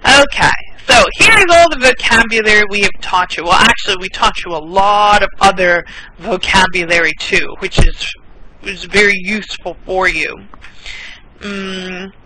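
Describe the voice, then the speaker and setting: A woman's voice: medium pitch, moderate pace. An American woman teaching an online English class, patient, repeating words and laughing often. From United States. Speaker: English tutor. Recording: steady background noise with clicks.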